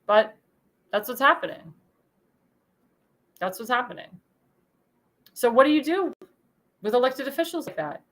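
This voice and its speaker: Woman, commentary host, high bright voice, indignant and emphatic, repeats lines. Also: lively intonation, a little slow, pauses often. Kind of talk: political commentary show monologue.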